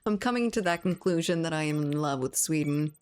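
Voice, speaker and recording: A woman's voice: low-pitched, expressive, brisk, a little mellow, faint music behind. A woman from Louisiana streaming, casually chatting with her viewers, laughing often and swearing now and then. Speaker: livestreamer reading chat. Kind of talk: casual chat.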